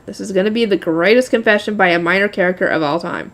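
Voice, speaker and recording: A woman's voice: mid-range voice, fast, few pauses. A woman reading a light novel aloud, often laughing and breaking off to chat with her viewers.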